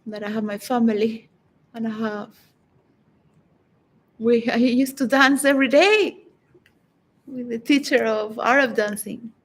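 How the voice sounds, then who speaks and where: A woman's voice: a little high, rough recording. A woman giving a reflective, philosophical solo monologue that rambles and halts, with frequent restarts. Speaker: vlogger.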